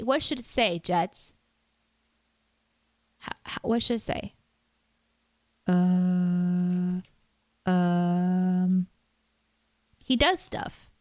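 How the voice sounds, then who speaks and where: A woman's voice: fairly low pitch, darkish tone, dry recording. Woman streamer, casual self-deprecating chat, dry close mic. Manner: chatty, self-deprecating, reads chat aloud.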